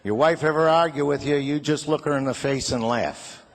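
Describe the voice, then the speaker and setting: A man's voice: a little high, normal speed, noisy background. Older man telling jokes on stage. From Chicago. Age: 60s. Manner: jokey, folksy, chatty with the crowd. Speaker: comedian and singer. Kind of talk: stand-up comedy set.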